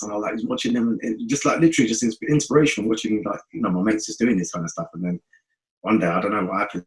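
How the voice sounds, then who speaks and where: A man with a London accent, a guest telling stories in a casual interview, animated and rambling, acting out the people he quotes. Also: on the low side, low-quality recording. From North West London. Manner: animated, acts out quoted voices, fast rambling. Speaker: guest musician.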